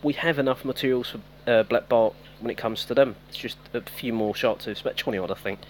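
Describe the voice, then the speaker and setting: A man's voice: medium pitch, brisk. Male streamer, talkative, greets chat, home mic with faint noise. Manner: chatty, talks to viewers by name, self-teasing. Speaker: game streamer. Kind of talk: casual live-stream commentary.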